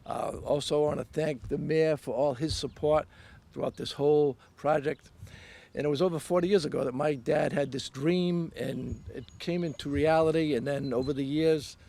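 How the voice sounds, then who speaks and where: An older man giving a heartfelt, halting dedication speech outdoors, with many fillers. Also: a little high, fairly even intonation, gravelly, warm tone. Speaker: dedication speaker. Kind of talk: public speech. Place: outdoors at a pond.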